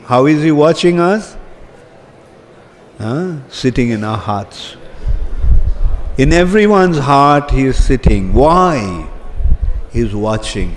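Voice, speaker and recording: Slow-speaking man preaching in a hall. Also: medium pitch, slight background noise. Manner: slow, asks the audience questions. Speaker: spiritual teacher. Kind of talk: sermon. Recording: long reverb from a hall, faint ambience.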